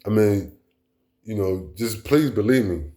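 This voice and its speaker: Profane, rambling man with a lowish voice. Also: animated, a little slow, dark tone. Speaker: vlog host. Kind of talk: casual monologue rant.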